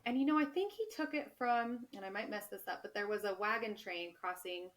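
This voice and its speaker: A woman's voice: medium pitch, brisk, poor audio. Chatty woman telling trail stories. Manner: chatty storytelling, laughs often. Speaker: author and guest. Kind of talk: casual podcast interview.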